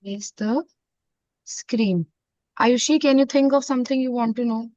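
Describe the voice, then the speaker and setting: A woman with an Indian accent teaching a French class, mixing in Hindi and repeating phrases slowly. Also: fairly high pitch, darkish tone, no echo. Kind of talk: online classroom lesson. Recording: dull, dry lo-fi sound.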